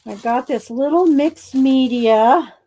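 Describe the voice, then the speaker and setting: A woman's voice: sits high, slow pace, warm tone, slight background noise. Chatty woman unboxing craft mail. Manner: chatty, giggly, keeps saying hang on while unboxing. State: out of breath. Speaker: craft vlogger. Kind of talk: casual chat.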